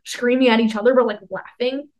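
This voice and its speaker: A woman's voice: on the high side, steady tone, a little fast, poor audio. A young woman in her twenties co-hosting a podcast, telling a rambling story full of "like" and acted-out quotes. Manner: rambling, heavy use of "like", acts out quotes. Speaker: podcast co-host. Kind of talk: casual storytelling chat.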